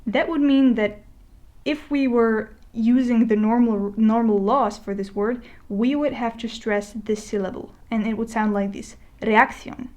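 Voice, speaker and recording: A woman teaching a Spanish lesson as a voice-over, talking in a relaxed, conversational way with fillers and restarts, slowing down to spell out example words. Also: fairly high pitch. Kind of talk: explaining a lesson over a digital whiteboard. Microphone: voice-over recording.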